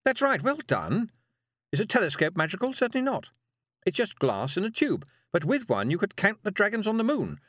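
A man putting on a brisk, prim witch woman. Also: high voice, sing-song, fairly bright tone, dry recording, studio quality, voice pushed up, heavily acted. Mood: brisk teaching. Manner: prim, clipped, insisting she is never worried. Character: brisk, nervous adult female witch. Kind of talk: audiobook character voice.

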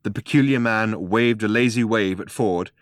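A man narrating a comic science-fiction story in a measured, wry way. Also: fairly low pitch, dry recording, studio quality. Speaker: audiobook narrator. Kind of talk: scripted narration.

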